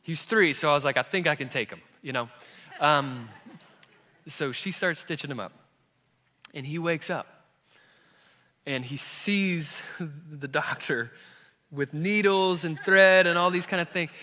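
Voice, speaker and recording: Guy pastor preaching a sermon, bright tense voice, big church hall echo, goes quiet then really loud. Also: a little high, measured pace, pauses often. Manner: storytelling, swings from quiet to loud and emphatic. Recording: long reverb of a large hall.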